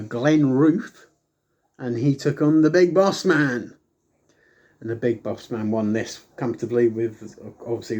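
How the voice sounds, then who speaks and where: This is a man in an easygoing review, walking through an old wrestling broadcast match by match. His talk meanders with frequent ums and restarts. He livens it up by acting out lines from the show in an animated voice. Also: medium pitch. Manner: chatty, rambling with frequent ums; animated, acts out quoted lines. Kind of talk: casual retelling review.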